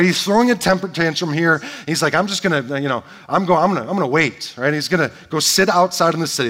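A man preaching in a relaxed, conversational manner, his voice sitting a little high for a man. He mixes playful jokes into his teaching and keeps asking his listeners "right?". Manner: playful, joking asides. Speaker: pastor. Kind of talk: sermon.

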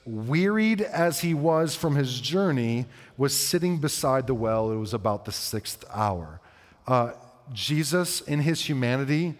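A man in the middle of a sermon, reading scripture and talking it through with his congregation. His voice sits at an ordinary male pitch and carries a long reverb tail from a large hall. He keeps it conversational and slows down for the verses. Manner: conversational, asks the congregation questions. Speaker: preacher.

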